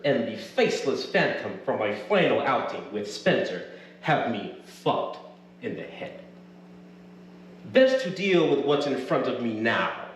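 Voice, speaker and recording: A man reads his own novel aloud to a live audience with expressive, deliberate delivery. His pitch rises and falls a lot as he takes his time over each phrase. The mic sits far off, so the voice booms back from a hollow, echoing room with a faint hum underneath. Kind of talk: live dramatic reading. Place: event venue with audience.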